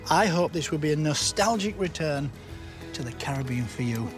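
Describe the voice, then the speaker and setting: A man's voice: a little high, expressive, normal speed, over music. A male cook and presenter, chatty and teasing, explaining each step as he cooks. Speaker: chef and TV presenter. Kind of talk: cooking show chat and voice-over narration.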